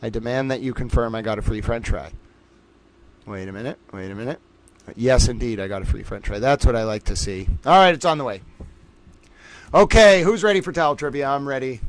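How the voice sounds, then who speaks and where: A man hosting a casual livestream trivia game, excitable and playful, swinging his voice up and down as he chats. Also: fairly quick. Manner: excitable and playful, jumps between pitches.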